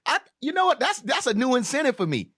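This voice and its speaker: Fast animated man joking on a podcast. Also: very high-pitched, breathy edge. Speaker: podcast host. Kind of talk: casual chat.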